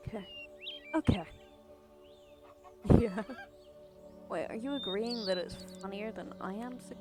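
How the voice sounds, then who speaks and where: A woman's voice: mid-range voice, a little mellow. A woman live-streaming in a chatty, giggly way, thinking aloud as she reacts. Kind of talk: casual live-stream chat.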